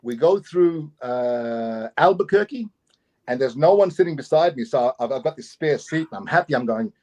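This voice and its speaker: A middle-aged man from Queensland, Australia, with an Australian accent, telling a long travel story as an interview guest, animated and given to repeating his words and chuckling. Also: medium pitch, moderate pace. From Doomadgee, Queensland, Australia. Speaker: guest actor and festival promoter.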